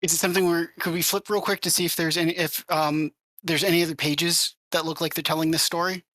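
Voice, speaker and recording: Quick bright-voiced player. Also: mid-range voice, fairly even intonation, no echo. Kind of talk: casual tabletop play.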